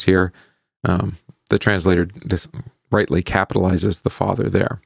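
Gravelly low-voiced man teaching Bible class. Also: flat delivery, no echo, studio quality. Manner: conversational, asks questions and adds "right?"; halting, with many fillers while recalling verses. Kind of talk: Bible study lesson.

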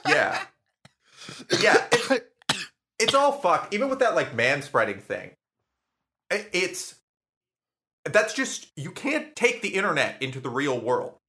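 A young man co-hosting a casual podcast chat, telling stories in an animated, profane way. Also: fairly high pitch, a little slow, pauses often. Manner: animated, profane storytelling with frequent laughs.

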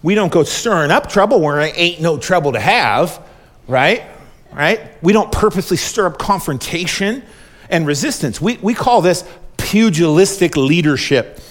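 A male pastor delivers a sermon with a voice pitched a little above the usual for a man. He drives his points home through repetition and keeps asking the congregation to respond. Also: lively intonation, moderate pace. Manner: emphatic, repetitive preaching that calls for audience responses.

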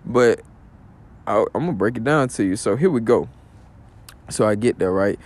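A man's voice: lowish voice, expressive, moderate pace, darkish tone. A man hosting his own podcast in a loose, rambling monologue, heavy on slang and fillers. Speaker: podcast host. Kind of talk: casual monologue.

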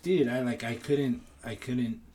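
A man co-hosting a podcast in casual chat among friends, slangy and swearing, halting and repeating himself. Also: medium pitch, fairly even intonation, mellow, slightly rough. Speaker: podcast co-host.

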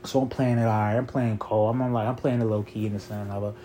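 A man's voice: lowish voice, little pitch movement, fast talker, warm tone, a little hiss or hum. A man in his twenties telling a long story in a casual, rambling and profane way, with constant "you feel me" fillers.

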